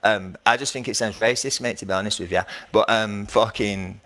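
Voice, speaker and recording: A man's voice: fairly low pitch, steady tone, moderate pace, fairly bright tone. A man arguing on a voice call, combative and constantly swearing, cutting in and calling people mate. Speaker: accusing viewer on a call. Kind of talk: heated voice-chat argument.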